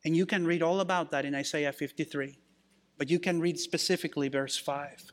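A male pastor preaching a sermon, slowing down to stress key phrases and quoting scripture. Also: a little high, fairly even intonation.

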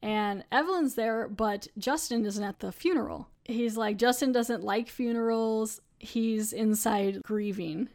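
A woman's voice: a little high, unhurried, few pauses, a little mellow. Chatty woman podcast host. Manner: chatty, laughing, lots of "like". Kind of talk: casual episode recap.

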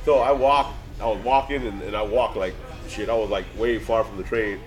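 A man's voice: lowish voice, steady tone, fairly quick, poor audio. A man who works on the railroad, talking bluntly and swearing freely in a casual chat. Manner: emphatic, profane, blunt. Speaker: railroad worker.

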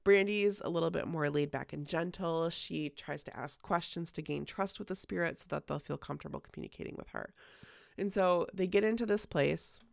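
A woman's voice: lowish voice, brisk, gravelly, no echo, studio quality. A woman hosting a podcast, telling a story in casual chat, full of "like" fillers and casual swearing. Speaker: podcast host.

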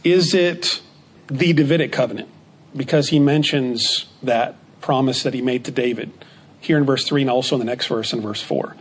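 A man teaching a Bible study lesson in a measured way, repeating key phrases for emphasis. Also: mid-range voice, slight background noise.

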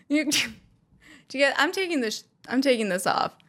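A young woman telling animated, self-mocking stories to her viewers. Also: sits high, a little fast. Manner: animated, self-mocking, acts out quotes in loud squeals. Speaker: vlogger. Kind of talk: casual storytelling to camera.

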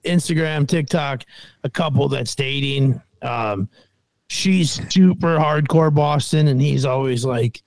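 Gravelly man teasing on a podcast. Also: medium pitch, measured pace, darkish tone, no room sound. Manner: wry, teasing, questioning. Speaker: podcast co-host. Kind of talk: casual chat.

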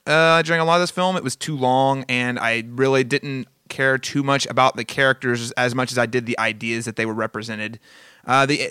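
A man's voice: medium pitch, pushed and bright, smooth, dry recording, clean studio sound. A man co-hosting a casual film podcast, teasing his partner and giving thoughtful reviews with hesitant restarts. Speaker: podcast co-host.

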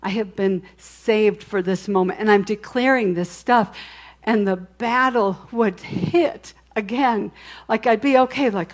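A woman giving a conversational sermon testimony, telling her story candidly with frequent restarts and asides, swinging between soft and emphatic. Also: medium pitch, a little slow. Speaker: speaker sharing a testimony.

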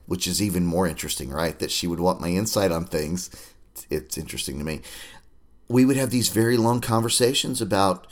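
A man hosting a podcast, chatting casually with a friend, laughing often and cursing freely. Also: lowish voice. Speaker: podcast host. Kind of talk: casual chat.

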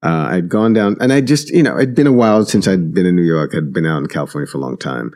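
A man's voice: deep voice, animated, fast talker, a little mellow. A man co-hosting a casual talk podcast, telling stories loosely with many fillers and restarts. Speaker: podcast co-host. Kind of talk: casual conversation.

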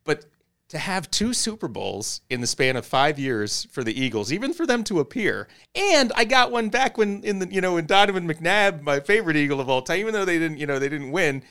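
A man hosting a casual sports chat, animated, laughing often and breaking off his own sentences. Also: fairly high pitch, brisk, clear, resonant tone.

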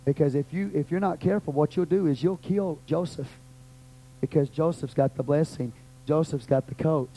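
A pastor with a Texan accent preaching a sermon, rising to loud cries and dropping to quiet murmurs. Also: male voice, fairly even intonation, moderate pace, a little hiss or hum, rough recording. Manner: fervent, swings from loud cries to low murmurs. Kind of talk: sermon with prayer.

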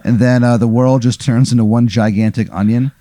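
A man's voice: medium pitch, steady tone, a little fast, mellow, no room sound. A man hosting a comedy podcast, spinning a rambling, playful hypothetical story full of fillers.

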